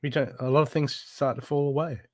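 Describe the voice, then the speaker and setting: A man's voice: medium pitch, steady tone, a little fast, no room sound, studio quality. A man giving a live intuitive reading, blunt and urgent, swearing freely as he presses the listener to heal. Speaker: spiritual reader.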